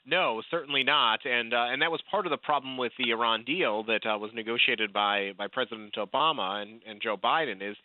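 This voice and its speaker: A male guest commentator heard over a tinny phone line, the sound dry and narrow. He talks at an ordinary pitch, pausing often on "uh" and restarting phrases. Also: no echo. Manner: halting, many uh fillers and restarts. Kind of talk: phone-in interview.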